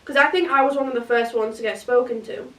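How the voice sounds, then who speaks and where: A woman's voice: sits high, fast talker, fairly bright tone, recorded from a distance. A young British woman telling a dramatic story in casual vlog chat, full of "like" and quoted voices. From Britain. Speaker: vlogger. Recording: roomy sound, mic set back.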